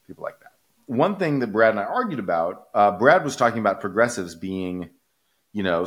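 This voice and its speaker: A man co-hosting a casual podcast discussion, arguing animatedly and often checking in with "right?". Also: fairly low pitch. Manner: animated, rhetorical, keeps asking "right?". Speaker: podcast co-host.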